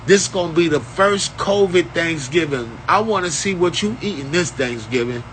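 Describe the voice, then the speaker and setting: Man, preachy street-slang spiritual rant, profane, high-ish sharp voice, faint traffic behind. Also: lively intonation, normal speed, rough recording. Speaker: self-styled spiritual teacher. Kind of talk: unscripted spiritual rant to camera.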